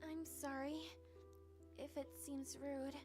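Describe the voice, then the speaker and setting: A man voicing a timid, shy teenage schoolgirl who speaks softly and hesitantly, with stutters. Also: extremely high pitch, little pitch movement, slow, music in the background, voice pushed up. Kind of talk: voicing a visual novel character.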